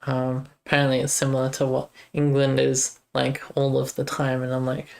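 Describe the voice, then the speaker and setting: A young streamer talks through code in a loose, rambling way, breaking off to chat with viewers. The voice stays flat and even, with a gravelly fry underneath. The talk is relaxed and unscripted, live game-dev stream chatter. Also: mid-range voice, moderate pace. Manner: rambling, thinks aloud, chats with viewers. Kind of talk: casual live-stream chat while coding.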